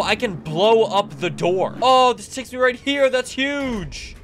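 A young man doing let's play commentary, excitable, reacting loudly and laughing. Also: extremely high pitch, slow, hardly any pauses. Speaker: gaming YouTuber.

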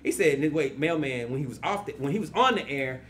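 Male guest in his forties, animated storyteller, bright, slightly high voice. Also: fast talker, slight background noise. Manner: animated, acts out quoted people. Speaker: podcast guest, radio personality. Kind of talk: casual storytelling.

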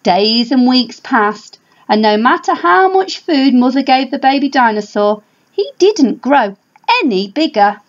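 Animated woman reading a picture book aloud. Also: high-pitched. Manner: animated, drawn-out emphasis. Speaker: storybook reader for a primary school. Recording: dull lo-fi home recording.

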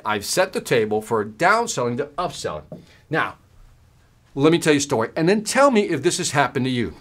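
A man's voice: mid-range voice, fairly bright tone. A man giving a workshop talk as a sales trainer, telling a story and acting out both sides of the conversation, checking in often with "right?".

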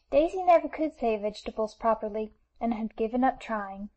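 A woman reads an audiobook of a classic novel in steady, even storytelling. Her voice sits slightly high. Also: a little fast, few pauses, dull audio. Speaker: audiobook narrator. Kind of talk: scripted narration of a classic novel.

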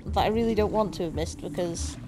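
A woman plays a horror video game and comments as she goes, muttering plans to herself and swearing in jittery panic under pressure. Her mid-range voice is brisk, with game music and noise in the background.

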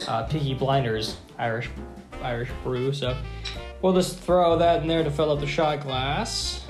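A man from Michigan, a former bartender, hosting a casual cocktail review vlog in a chatty, self-mocking way with lots of fillers. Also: medium pitch. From Michigan, USA. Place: home bar. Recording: echoey room with faint guitar music.

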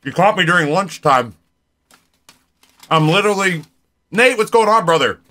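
Streamer, forties, male: rambling casual chat, bright tone, a bit higher voice. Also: lively intonation, moderate pace. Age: 40s. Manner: rambling, chatty, talks straight to viewers.

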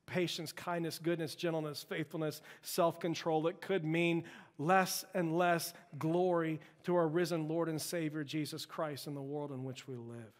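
A male pastor preaching a sermon with impassioned, emphatic delivery, building to loud peaks. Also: on the high side, fairly even intonation, normal speed. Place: church sanctuary. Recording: long church-hall reverb.

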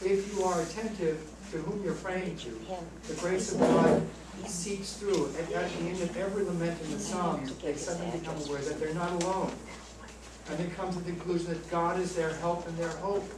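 A man's voice: sits high, normal speed. A man, a priest, giving a talk to a parish group and answering questions, telling stories with jokes. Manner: animated storyteller, joking. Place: parish hall with audience. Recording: roomy, distant, noisy hall recording.

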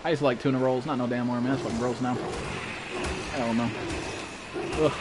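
A man streaming a game live, chatting casually and excitably with viewers and swearing constantly. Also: medium pitch, brisk, heavy background noise. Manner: profane, excitable, calls viewers bro and dude. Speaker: gaming streamer.

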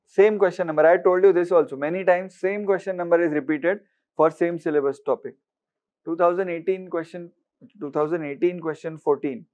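Indian English male teacher, high-pitched, drills and questions his class, slightly muffled recording. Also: steady tone, brisk, darkish tone. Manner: questioning, mixes Hindi words, repeats for emphasis. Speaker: exam-prep teacher. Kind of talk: lecture to students.

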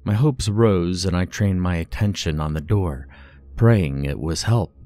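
A man reading a horror story as narrator, in a measured, dramatic storytelling manner. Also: sits low, dark tone, no room sound, clean studio sound.

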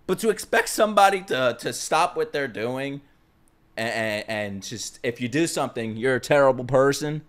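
A man's voice: medium pitch, animated, moderate pace. Exasperated New York guy ranting. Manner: heated, exasperated, profane. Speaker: YouTuber. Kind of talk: ranting vlog.

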